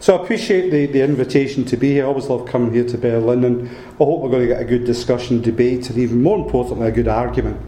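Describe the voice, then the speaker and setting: A Scottish man giving a public lecture as a guest speaker, talking in a chatty, joking, lively way. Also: mid-range voice, quick pace, hardly any pauses, slight background noise. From Scotland. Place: lecture room. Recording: roomy hall with faint ambience.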